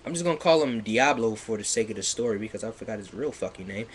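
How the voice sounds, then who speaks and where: A man on a livestream reading fan fiction aloud in a mocking dramatic way, sarcastic, with loud outbursts and laughter, sounding a bit stuffy. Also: fairly low pitch, expressive, quick pace, husky. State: slightly stuffy.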